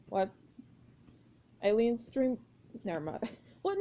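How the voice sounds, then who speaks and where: Woman gamer, reading story game aloud, chatty, laughs, high pitch, mellow tone. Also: sing-song, normal speed, long pauses. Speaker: let's play gamer.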